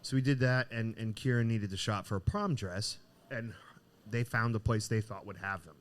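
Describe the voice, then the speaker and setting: Man, middle-aged, low voice, lively storyteller in casual podcast chat. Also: normal speed. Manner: animated, acts out the voices in his story. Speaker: podcast co-host. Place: cigar shop.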